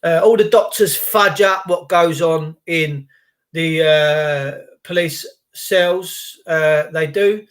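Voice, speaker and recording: A man's voice: fairly high pitch, slow pace. A middle-aged man rambling on a morning livestream, greeting viewers by name and swearing casually. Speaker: livestream host.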